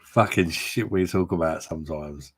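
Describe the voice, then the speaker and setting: A man's voice: sits low, moderate pace, slightly rough. A man hosting a casual beer livestream, bantering and reading out viewer comments from his room at home. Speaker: beer review livestream host.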